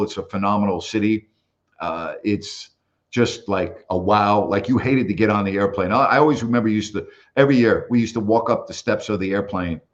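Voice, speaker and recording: An older man who once broadcast basketball games tells stories in a casual interview, animatedly acting out the voices of the people he quotes. His voice is fairly low, and the recording sounds muffled.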